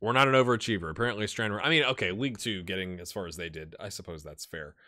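A man's voice: low-pitched, fast, hardly any pauses, pushed and bright. A man hosting a casual let's-play video, chatting and rambling to his viewers as he plays. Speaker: gaming channel host.

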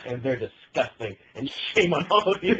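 A young man with a slightly raised, husky voice chats casually and laughs often. He is recorded at home in a bedroom, and the sound is dull and lo-fi. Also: a little high, very animated, a bit bright. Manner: laughs often, quick banter. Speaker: podcast co-host. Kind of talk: casual chat.

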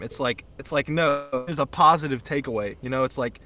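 A young man with a bright, forward voice talks in loose, excitable podcast chat. He swears freely and trips over restarts and fillers as his enthusiasm runs ahead of his words. His pitch sits at an ordinary middle level. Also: brisk, slight background noise. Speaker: podcast co-host. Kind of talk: casual chat.

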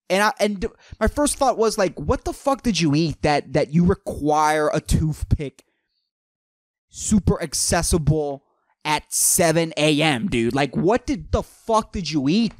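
A man's voice: fairly high pitch, no room sound. A young man hosting a solo podcast, ranting in a rambling, mocking, profane way and saying "dude" constantly. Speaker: podcast host.

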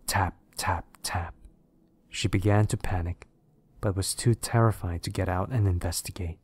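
A man narrating scary stories in a steady, measured way. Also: low voice, husky. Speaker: horror story narrator. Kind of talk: scripted narration of horror stories.

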